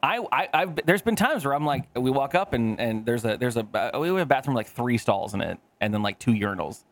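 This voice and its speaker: A man's voice: mid-range voice, expressive, fairly quick, a bit bright. A man in his thirties hosting a podcast, rambling in casual chat with a lot of swearing and acted-out voices. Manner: rambling, profane, acts out quoted voices. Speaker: podcast host.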